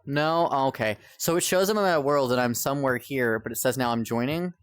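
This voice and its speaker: A man's voice: medium pitch, a little fast, smooth, dry recording. Exasperated young male streamer, dry sound. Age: young adult. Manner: exasperated, rambling, swears a lot, talks to chat. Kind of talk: live-stream chat while gaming.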